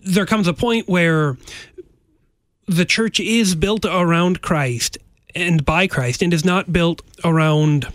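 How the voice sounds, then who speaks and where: A man's voice: sits high, slow, a bit bright, no room sound. A man, a pastor discussing theology in earnest, emphatic bursts.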